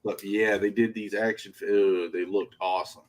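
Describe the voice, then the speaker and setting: A man's voice: on the low side, little pitch movement, normal speed. A man chatting casually on a development livestream, joking and laughing often as he rambles. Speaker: game studio streamer. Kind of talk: casual stream chat.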